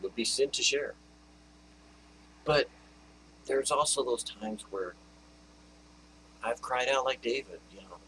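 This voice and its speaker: A man giving a video devotional sermon, earnest, reading scripture slowly and softening to a hushed, consoling tone. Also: fairly low pitch, a little hiss or hum, rough recording. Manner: earnest, reads scripture in a slow, lifted voice. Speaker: devotional preacher.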